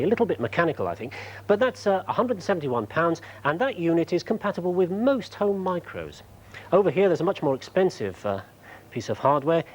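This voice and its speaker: Lively man explaining technology. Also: on the high side, rough recording. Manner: clear, explanatory, lightly humorous. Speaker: TV presenter. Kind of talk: explaining technology on a magazine show.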